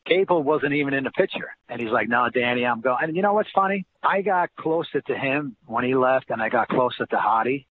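Older New guy, animated storyteller acting out old conversations, tinny phone-line sound, faint hiss. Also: mid-range voice. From New Jersey. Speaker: interview guest, former college basketball player. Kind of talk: casual storytelling interview.

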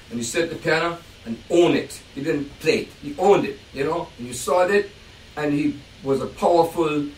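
An older man from Jamaica casually telling animated stories about his life as a jazz pianist, laughing often. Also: on the high side, slight background noise. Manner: animated, acts out voices in quotes, laughs often. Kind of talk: casual storytelling. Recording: roomy distant sound with faint ambience.

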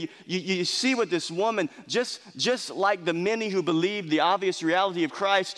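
A man's voice: on the high side, fairly bright tone. A male pastor preaching a sermon earnestly, often restarting his words. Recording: long hall reverb.

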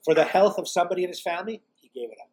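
A man hosting a casual chat, telling anecdotes in an animated way. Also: high voice, rapid-fire, poor audio. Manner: storytelling, animated, puts on voices in anecdotes. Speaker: host.

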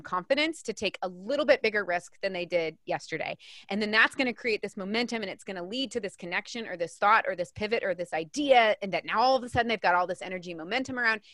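A woman, an author and coach, talking as a guest in a casual interview in an energetic, emphatic way, often restarting her sentences. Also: mid-range voice, no echo, clean studio sound.

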